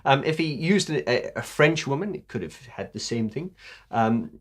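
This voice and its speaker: A man's voice: medium pitch, sing-song, moderate pace. A man hosting a casual video commentary, enthusiastic, laughing often, with many fillers. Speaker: host.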